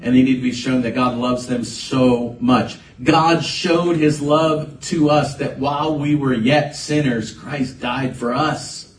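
A man's voice: medium pitch, little pitch movement, slow, slight background noise. A man preaching a conversational sermon as a pastor, building to emphatic bursts. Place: church sanctuary. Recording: echoey room, voice from a distance, faint ambience.

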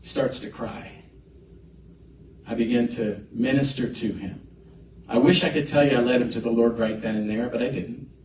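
A man preaching a sermon as a pastor, telling a personal story in an animated way with swings in loudness. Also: medium pitch, moderate pace, background noise. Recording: echoey hall mic from a distance.

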